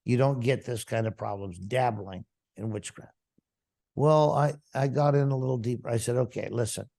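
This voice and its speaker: Gravelly pastor telling his testimony. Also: mid-range voice, moderate pace, a little mellow. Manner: storytelling, acting out quoted dialogue. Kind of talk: testimony told to a congregation.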